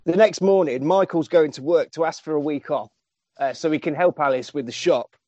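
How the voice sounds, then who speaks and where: A man's voice: a little high, fairly quick, dark tone, dry recording. A man, animatedly recapping a film on a podcast and swearing casually. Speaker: podcast host. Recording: dull lo-fi dry sound.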